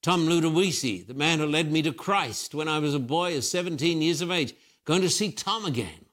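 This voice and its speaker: An older Christian preacher answers interview questions fervently, preaching emphatically and repeating phrases. His voice is a little high and fairly bright, and he talks a little fast.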